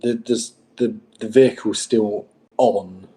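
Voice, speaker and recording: A man with a mellow, dark voice joins a tabletop game as a player. He cuts in loudly, stumbling and repeating words as he explains. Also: fairly low pitch, steady tone, slow pace.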